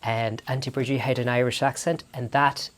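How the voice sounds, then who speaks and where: A man's voice: mid-range voice, little pitch movement, normal speed, a bit bright. A man vlogging in a small barn studio, telling stories casually with lots of restarts and self-corrections. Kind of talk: casual storytelling to camera.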